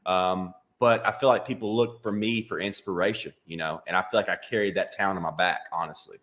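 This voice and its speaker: A man from Alabama with a thick Southern accent, a comedian telling deadpan, self-mocking stories as a guest in a casual interview. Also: low voice, a little fast.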